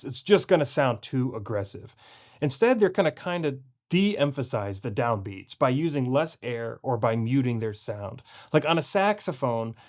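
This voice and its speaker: A man teaching a jazz piano lesson, explaining patiently and scatting rhythms aloud to show them. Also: medium pitch. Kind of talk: video lesson.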